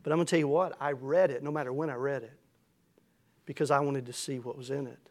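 A man's voice: medium pitch, fairly even intonation, quick pace, a little mellow. A middle-aged man preaching a folksy, storytelling sermon that builds to emphatic passages. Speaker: pastor.

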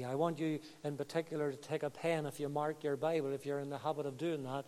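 A man preaching a sermon with fervour, dropping to a hush and then rising to loud, impassioned peaks. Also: on the high side, flat delivery, fast talker, few pauses. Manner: impassioned, swinging between hushed and loud. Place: church. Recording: reverberant church hall.

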